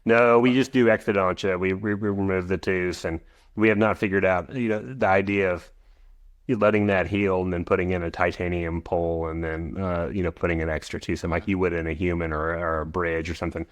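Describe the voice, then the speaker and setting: A man in his forties speaks in a very low, deep voice, recorded dry and close. He explains at length as a podcast guest, rambling with restarts and asides along the way. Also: fairly even intonation, fairly quick, no echo. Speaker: guest, equine veterinarian. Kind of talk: podcast interview.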